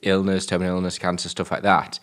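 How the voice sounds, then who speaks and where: Man, northern English accent, very deep voice, blunt, swears, casual film chat. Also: completely flat delivery, fast, fairly bright tone. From Britain. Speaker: film review podcast co-host.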